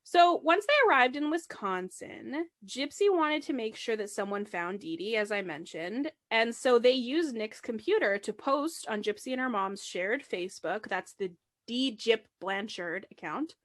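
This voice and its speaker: Lively, higher-voiced woman podcast host. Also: a little slow, hardly any pauses. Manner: animated storytelling, laughs easily. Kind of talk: casual true-crime chat.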